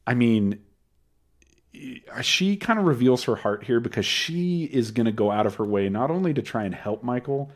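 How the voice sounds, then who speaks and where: A man's voice: mid-range voice, lively intonation, normal speed. A man co-hosting a podcast, chatting casually and laughing, who drops into goofy voices now and then. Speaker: podcast co-host. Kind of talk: casual chat.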